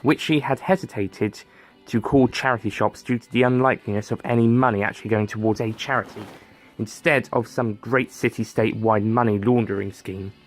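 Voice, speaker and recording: A man's voice: lowish voice, fairly even intonation, a little fast, faint music behind. A man narrating a story in a dry, wry scripted read.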